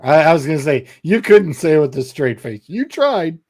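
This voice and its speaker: A man co-hosting a podcast, talking football in blunt, excitable banter. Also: fairly high pitch, moderate pace. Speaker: podcast co-host. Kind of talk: casual sports chat.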